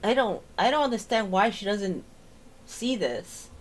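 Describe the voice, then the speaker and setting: A woman's voice: medium pitch, lively intonation, measured pace. A woman hosting a reaction commentary, sarcastic and exasperated as she picks apart a clip. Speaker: commentary host.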